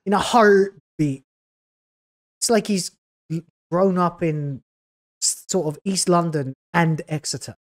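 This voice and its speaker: A woman's voice: on the low side, a little slow. Sarcastic woman reacting to a trailer. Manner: sarcastic and scathing, exasperated groans. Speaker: YouTube reaction host. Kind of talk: video reaction commentary.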